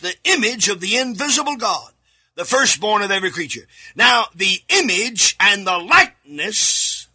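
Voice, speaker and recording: A man preaching a sermon alone in a studio, reading scripture aloud and repeating key words, sometimes breaking into shouts. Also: high-pitched, breathy edge. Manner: reads scripture aloud with verse references.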